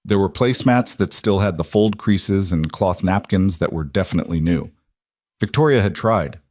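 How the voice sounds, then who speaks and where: A man narrating a scripted story in a measured, gentle storytelling manner. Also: low-pitched, animated.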